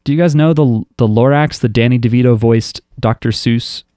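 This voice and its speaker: A man's voice: medium pitch, moderate pace, dark tone, clear, resonant tone, no room sound. A man talks through an episode recap in a loose, wry way, stopping and restarting his sentences as he goes. His voice sits in an ordinary middle register. The sound is dry and close, with no room around it. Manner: rambling, filler-heavy storytelling with frequent restarts. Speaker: podcast host recapping an anime episode. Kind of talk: casual chat.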